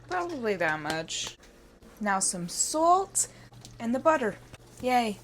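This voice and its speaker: A playful woman joking her way through a recipe in a home kitchen, talking straight to her viewers. Her voice sits at an ordinary pitch for a woman. A clear hiss and the odd click run under her voice. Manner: playful and jokey, talking to camera while cooking. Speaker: cooking vlogger. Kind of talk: casual cooking vlog talk. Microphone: wearing a mic.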